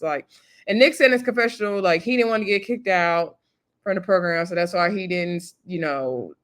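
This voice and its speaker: A woman giving a casual, opinionated recap of a TV episode. She acts out what people said and talks back at them. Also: fairly low pitch. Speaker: TV show recapper.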